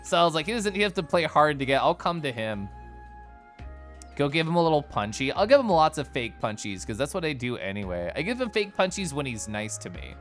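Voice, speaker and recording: A male streamer chatting with his viewers in a teasing, giggly way. His pitch swoops up and down constantly. Soft music plays faintly behind him. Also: big pitch swings, brisk. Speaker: livestreamer. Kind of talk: casual chat with stream viewers.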